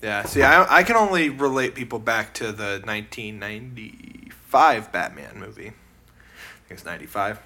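A man's voice: on the low side, expressive, moderate pace, pushed and bright, slight background noise. A man co-hosting a podcast in casual chat, cracking dry, sarcastic jokes. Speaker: podcast co-host.

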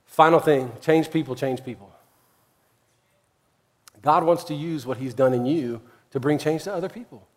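A man preaching a lively sermon as a pastor, swinging between shouted encouragement and quiet, folksy asides full of slang. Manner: fiery, high-energy preaching with big swings in loudness and pitch. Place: church sanctuary, with a keyboard playing behind.

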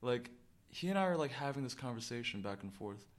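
A man's voice: mid-range voice, expressive. Rambling male podcast co-host. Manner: rambling storyteller, halting restarts. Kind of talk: casual chat.

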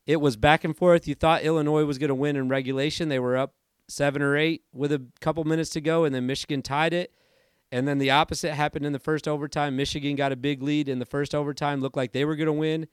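A man in his thirties hosting a casual sports podcast, chatty and rambling, his voice hoarse from allergies. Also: a little high, fairly even intonation, fast talker, dry recording, studio quality. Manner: chatty and rambling, self-correcting. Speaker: podcast host.

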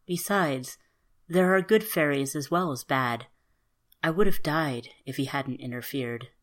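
A woman calmly narrating a fairy tale in an even storybook manner. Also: low-pitched, unhurried.

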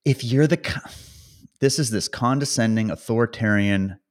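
A man's voice: lowish voice, moderate pace. A man from Canada hosting a podcast, reading a news article aloud and ranting over it in a sarcastic, mocking way. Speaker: podcast host.

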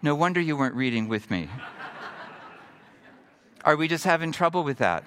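A middle-aged man preaching a sermon, moving from emphatic build-ups to quiet, hushed points. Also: on the high side, big pitch swings, moderate pace. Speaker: pastor.

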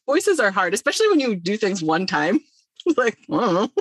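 A woman's voice: medium pitch, very animated, brisk, breathy edge, no echo. A young woman, an actress and comedian, chatting casually as a podcast guest, laughing often and filling gaps with ums.

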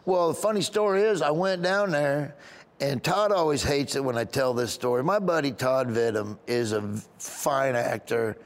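Middle-aged man, Southern drawl, comedian guest spinning rambling stories, mid-pitched voice. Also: moderate pace. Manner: rambling, animated, acts out other voices. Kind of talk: casual interview storytelling.

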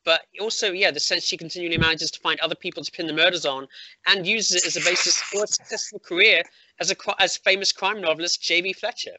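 A man's voice: sits high, steady tone, fast talker, noisy background. A man hosting a podcast over a video call, casually chatting and spinning a mock-serious theory with playful delivery. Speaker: podcast host. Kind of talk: casual chat.

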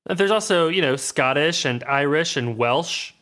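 A man's voice: a little high, animated, moderate pace, sharp tone. A man co-hosting a comedy podcast, cutting in with wry, incredulous quips. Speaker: podcast co-host. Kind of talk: casual comedic banter.

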